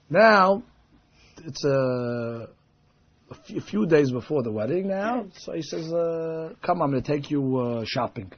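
Heard on a dull lo-fi recording, this Torah teacher speaks at a measured pace in a husky, expressive, fairly high voice. His sermon is built on storytelling, and he mimics the people he quotes with dramatic shifts in tone.

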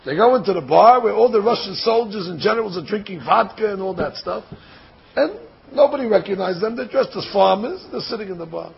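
A man with a high, gravelly and very raspy voice tells a sermon story with lively energy. He acts out the characters' lines as he goes. The recording is dull and lo-fi. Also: fairly quick. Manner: animated storytelling, acts out dialogue, repeats phrases.

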